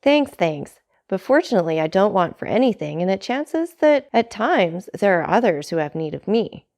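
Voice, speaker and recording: A woman's voice: medium pitch, big pitch swings, normal speed, a little mellow. Caderousse, a woman voicing a greedy fawning tailor. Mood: ingratiating. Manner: hearty, ingratiating. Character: greedy fawning male tailor, mid-twenties.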